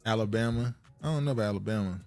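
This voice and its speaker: A man's voice: fairly low pitch, rapid-fire, gravelly, a little mellow, faint music behind. A man co-hosting a casual podcast, laid-back and chatty, often laughing. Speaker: podcast co-host.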